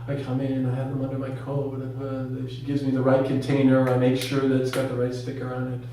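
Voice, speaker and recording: A man's voice: a little fast, a little hiss or hum. Middle-aged guy doing open mic stand-up, acts out all the voices, super echoey, kinda far from the mic. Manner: animated, acts out voices with big pitch jumps. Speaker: stand-up comedian. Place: room at a live open mic.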